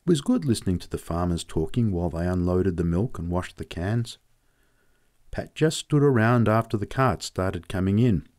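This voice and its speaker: A man narrating a story as a scripted audiobook reading, in a measured, even storytelling manner. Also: low voice.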